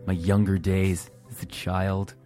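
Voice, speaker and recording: A man's voice: deep voice, level tone, measured pace, mellow, faint music behind. A man from Central California hosting his own podcast, talking at home in a wry, self-deprecating, rambling way. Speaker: podcast host. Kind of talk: casual solo podcast monologue.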